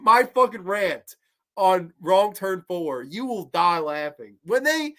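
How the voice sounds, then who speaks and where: A man's voice: high-pitched, sing-song, slow pace, a bit bright. Man in a profane, heated rant. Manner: laughs between outbursts, reads viewer comments. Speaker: horror movie show host. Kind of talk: casual livestream rant.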